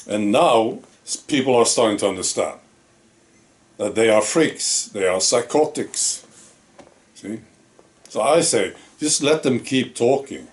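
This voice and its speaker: Slow, deliberate male commentator. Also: lowish voice. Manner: tags statements with rhetorical questions. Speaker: video commentator. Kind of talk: casual monologue to camera.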